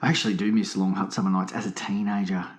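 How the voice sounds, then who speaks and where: A man's voice: deep voice, level tone, fast talker. A man co-hosting a podcast in casual comedic chat, spinning absurd tangents and laughing often. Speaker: podcast co-host. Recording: roomy, echoey room.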